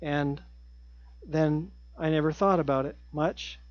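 A middle-aged man preaching a sermon in an earnest way, repeating his key phrases and dropping his voice to a hush at times. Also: on the high side, fairly even intonation, slow, no room sound, highs cut off. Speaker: pastor.

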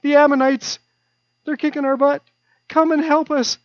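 Desperate Israelites beg God for rescue in a high, strained wail, as a preacher puts them on mid-sermon. The voice climbs far above the speaker's own and pleads with frantic urgency. The recording is dull and dry. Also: male voice, level tone, normal speed, dry recording. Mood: pleading. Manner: desperate high wailing pleas.

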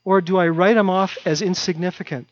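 Male pastor, sermon, conversational and repetitive, fairly high pitch, dull dry recording. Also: steady tone, fairly quick, no room sound.

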